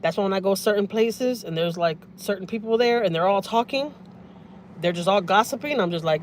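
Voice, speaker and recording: A blunt, foul-mouthed woman in her thirties, telling a story on a casual livestream with animated, swearing energy. She sits in a truck with the windows down, and faint road and vehicle sound runs behind her middle-pitched voice. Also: fairly quick, slight background noise. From Houston, Texas. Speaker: family vlogger. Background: vehicle and outdoor ambience.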